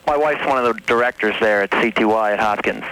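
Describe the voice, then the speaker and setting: A man's voice: fairly low pitch, quick pace, a bit bright, rough recording. A man calling in to a radio show, chatting in a friendly way. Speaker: caller. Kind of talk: casual phone-in chat.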